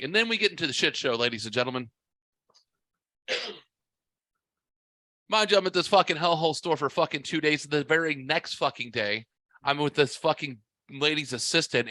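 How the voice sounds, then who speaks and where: A man in his forties telling a story on a casual podcast in a blunt, profane, animated way. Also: fairly high pitch, fairly quick, no room sound. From half white, half Mexican heritage. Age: 40s. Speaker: podcast host.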